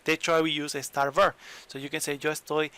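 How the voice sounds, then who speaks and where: A man teaching in an online lesson, English, explaining slowly and repeating examples. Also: fairly high pitch, little pitch movement, pushed and bright, smooth. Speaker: Spanish teacher.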